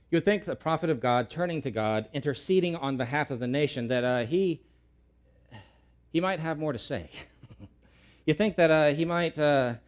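This pastor preaches earnestly in a slightly high voice, hammering home key words through repetition. When he quotes pleas, his volume climbs.

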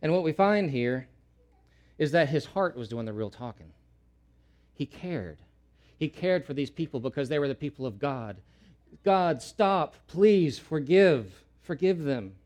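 A man's voice: mid-range voice, animated, normal speed, long pauses. Earnest male preacher. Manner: earnest preaching, swelling loud when quoting pleas; repeats key words for emphasis. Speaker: pastor. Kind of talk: sermon.

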